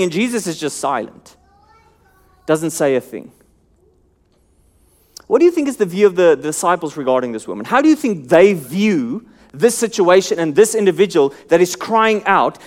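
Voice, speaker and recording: High-voiced earnest male preacher. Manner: earnest, rhetorical questions, drops low and soft for emphasis. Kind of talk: sermon.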